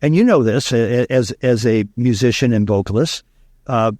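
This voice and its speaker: Casting: man in middle register, lively storyteller, dry close sound. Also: mid-range voice, moderate pace, no room sound. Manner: animated, storytelling, uses fillers. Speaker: communication coach, guest. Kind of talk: interview explanation.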